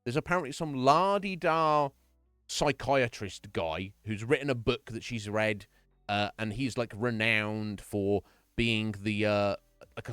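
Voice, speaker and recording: A man's voice: lowish voice, a bit bright, dry recording. A man streaming live, casually recapping a horror game's story in a rambling, swear-heavy way and laughing often. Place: home streaming setup.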